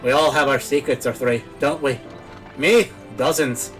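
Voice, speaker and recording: A chatty old peddler spins his yarns in a put-on Irish brogue, as a man voices him. His grammar is rough and countrified, and he chuckles as he talks. The voice sits in a middle pitch. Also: fairly even intonation, unhurried, a bit bright, faint music behind, close to an everyday voice. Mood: folksy.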